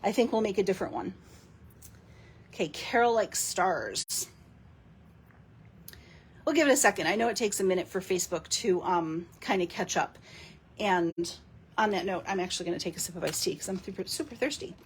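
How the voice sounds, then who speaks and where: A woman's voice: medium pitch, lively intonation, normal speed, pauses often, slightly rough. A woman hosting a casual live card-making demo, chatting and giggling with her viewers as she works.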